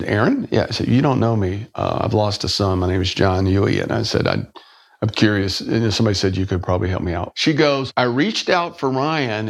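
A middle-aged podcast guest with a lowish, gravelly voice tells a personal story, halting and restarting his words and acting out the people he quotes.

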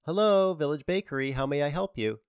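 A man's voice: on the high side, fairly quick, clean tone, no room sound, studio quality, pitched above the performer's own voice, natural voice. A man voicing a sweet, polite teenage girl answering the phone at a bakery, in an audiobook. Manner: polite and helpful.

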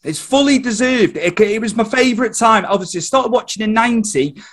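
A man's voice: high-pitched, expressive, brisk, fairly bright tone. A man from Wales with a Welsh accent, hosting an interview and eagerly passing on viewer questions. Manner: enthusiastic, relays viewer questions. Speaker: interview host. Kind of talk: casual interview chat.

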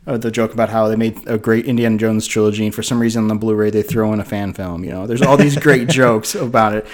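A man's voice: on the low side, steady tone, quick pace. A man in his thirties, a podcast co-host, telling a story in casual movie chat and acting out his own reactions.

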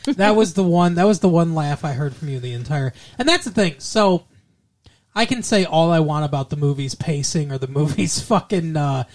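A man co-hosting a casual movie review podcast, rambling and joking, slipping into quick impressions. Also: fairly high pitch. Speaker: podcast co-host.

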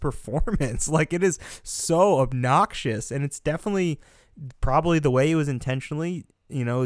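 A man's voice: mid-range voice, dry recording. Chatty young American man, dry sound. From United States. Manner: animated, ranting, swears and laughs often. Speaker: podcast co-host. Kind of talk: casual film discussion.

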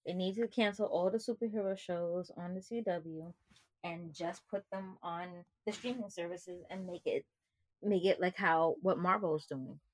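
A woman in a casual chat, cutting in loudly and animatedly. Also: on the low side, moderate pace, slight background noise, rough recording. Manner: loud and animated when excited.

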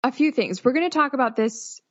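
A woman in her thirties, a nurse guest, giving practical advice in a calm, reassuring way. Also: high voice, fairly quick, no room sound. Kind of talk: explanatory advice in interview. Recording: dull dry sound.

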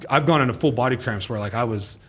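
Husky man telling a story with gusto. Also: mid-range voice, quick pace. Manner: animated storyteller who acts out quoted speech, swears casually. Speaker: guest, former pro football player. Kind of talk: casual storytelling podcast chat.

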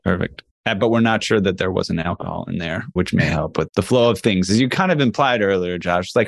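Joking male podcast host, lively pitch. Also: fairly quick, creaky, no echo, clean studio sound. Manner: joking, laughs often. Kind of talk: casual interview.

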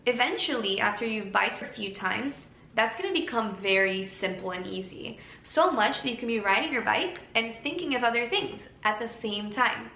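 A woman speaking as a self-help podcaster in a gentle, encouraging monologue, slowing down to stretch key words. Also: fairly high pitch, expressive. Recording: roomy with faint background noise.

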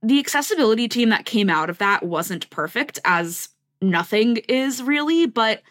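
A woman reporter on a podcast, chatting casually in a quick, sarcastic way with lots of "like". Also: a little high, expressive, a bit bright. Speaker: reporter guest. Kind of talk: casual chat.

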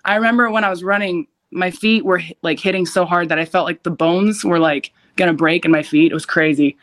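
A young adult woman, a podcast guest, telling a frightening story in a casual, animated way, with frequent "like" fillers and loud shouted quotes. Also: on the low side, a little fast. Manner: uses many fillers like "like".

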